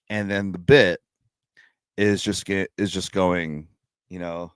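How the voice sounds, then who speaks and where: A man's voice: deep voice, fairly even intonation, slow pace, long pauses, fairly bright tone, clean tone, dry recording, studio quality. A young adult man hosting a casual livestream hangout, talking in a laid-back, profane way and laughing often. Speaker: livestream host.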